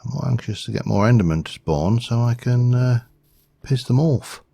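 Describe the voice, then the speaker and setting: A man's voice: mid-range voice, fairly quick, vocal fry, dark tone, no room sound. A man giving rambling, self-deprecating casual commentary over a game. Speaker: gaming video host.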